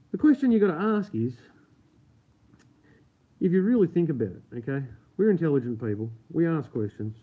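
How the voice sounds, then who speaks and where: This Australian livestream host has a medium-pitched, slightly rough voice. He chats casually with viewers at home late at night, keeping his voice down even as he swears freely and laughs often. The sound is tinny and phone-like.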